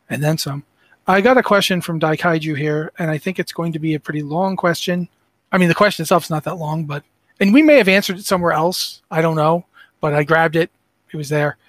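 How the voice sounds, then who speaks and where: A man hosting a podcast, with a raspy voice, relaxed as he moves the discussion along. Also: a little high, no echo. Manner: relaxed, moderating the talk. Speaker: podcast host. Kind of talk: casual chat.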